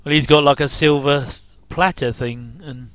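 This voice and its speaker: A man's voice: fairly high pitch, steady tone, normal speed, fairly bright tone, no echo. A man giving a casual, rambling commentary over an old TV episode, with frequent chuckling asides.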